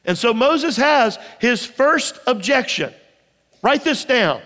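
A male pastor preaching a sermon with passion, swinging between raised, urgent calls and hushed, earnest pleas. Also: very high-pitched, animated, slow pace. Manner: impassioned, shifting between shouts and hushed pleas. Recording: reverberant hall recording.

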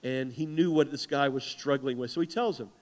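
A man preaching a sermon as pastor, animated and conversational, acting out the voices in the stories he tells. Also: medium pitch, a little fast. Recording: long hall reverb.

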